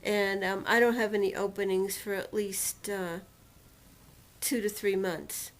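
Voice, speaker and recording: A woman recounting a painful personal experience in a storytelling manner, slowly and deliberately, acting out what was said to her. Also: mid-range voice, fairly even intonation. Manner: emotional retelling, quotes others and herself dramatically. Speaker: personal testimonial speaker.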